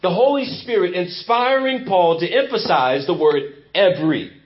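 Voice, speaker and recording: A pastor delivering a sermon in a church with an emphatic, repetitive preaching cadence. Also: male voice, high-pitched, animated, normal speed, a little hiss or hum. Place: church sanctuary. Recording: muffled lo-fi church recording.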